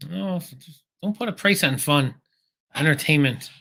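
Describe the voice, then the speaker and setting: A man co-hosting a live reselling chat, chiming in with brief, quick asides. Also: on the high side, vocal fry, bright, forceful tone. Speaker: co-host of a reselling show. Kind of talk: casual live-stream chat.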